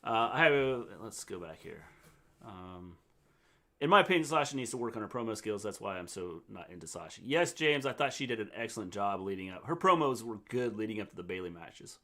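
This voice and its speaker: Halting older man chatting about wrestling. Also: on the low side. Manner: relaxed, halting, with repeated words. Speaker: co-host, the host's father. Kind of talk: casual livestream recap chat.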